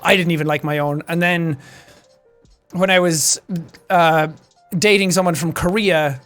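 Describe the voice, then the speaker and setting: A young Irish man chatting casually on a stream, animated and quick to laugh. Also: fairly high pitch, soft background music. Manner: animated, chatty, laughs often, slips into character voices.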